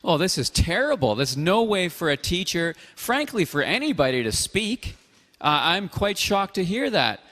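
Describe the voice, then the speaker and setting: A man's voice: high voice, big pitch swings, pushed and bright. Earnest male call-in host with reverb. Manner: earnest, measured, hesitant with fillers. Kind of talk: call-in chat show.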